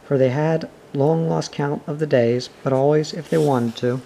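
A man reading a classic children's novel aloud in a steady, expressive storytelling manner. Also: a little high, normal speed, vocal fry, noisy background. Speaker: reader. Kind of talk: audiobook reading.

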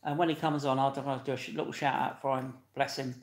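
A man hosting a live stream, chatting and laughing as he reads out viewers' comments and greets them loudly. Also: mid-range voice, level tone, fast talker. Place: echoey indoor room. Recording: echoey room.

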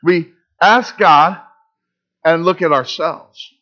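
A pastor giving a sermon in church, preaching with emphasis and asking the congregation rhetorical questions. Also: male voice, high-pitched, expressive, measured pace, fairly bright tone, dull audio.

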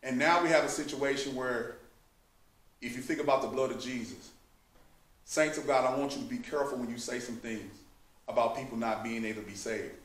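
A man's voice: mid-range voice, fairly even intonation, a little fast, a bit bright. A man teaching a Bible study, speaking in an emphatic, fervent preaching manner. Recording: echoey room, mic at a distance.

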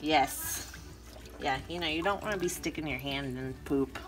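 A woman's voice: sits low, normal speed, heavy background noise. A woman chatting casually at home while bathing a baby goat, light and playful. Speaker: host's wife. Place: at home by a kitchen sink, indoors.

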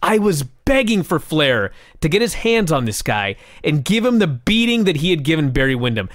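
A man with a higher-pitched voice co-hosts a wrestling review podcast, telling the story with passion and plenty of swearing. He speaks at a normal pace, animated and profane, in casual wrestling chat. The studio recording is clean with no echo.

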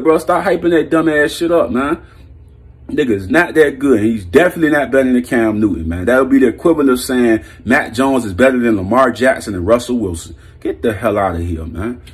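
A man's voice: fairly high pitch, breathy edge. A man giving a blunt, heated, profane sports opinion rant as a vlog host, breaking into laughs. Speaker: sports commentary vlogger.

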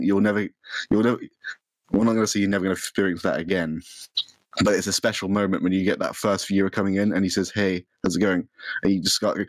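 Young guy with a really low voice, rambly casual podcast chat, dry sound. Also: no room sound, rough recording. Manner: rambling, many fillers and restarts. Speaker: podcast guest, streamer.

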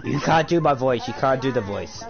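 A man's voice: mid-range voice, animated, moderate pace, vocal fry, over music. A man on a gaming channel who keeps teasing and pestering other players. His voice bounces up and down as he talks. The sound is muffled game voice chat. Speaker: gaming YouTuber.

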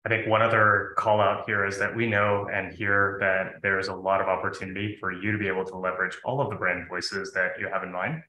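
A man's voice: deep voice, level tone, brisk, hardly any pauses, bright, forceful tone. A man hosting a live webinar, talking in a loose, enthusiastic conversational way. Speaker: webinar host. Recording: echoey room.

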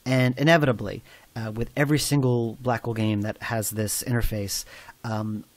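A man giving a commentary track on a game, explaining in a thoughtful, relaxed way with frequent pauses and fillers. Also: medium pitch, dry recording. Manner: thoughtful, many fillers and restarts.

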